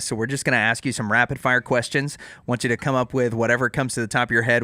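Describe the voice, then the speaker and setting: A man's voice: lowish voice, a bit bright, dry recording. A man co-hosting a podcast, politely steering a casual interview. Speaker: podcast co-host.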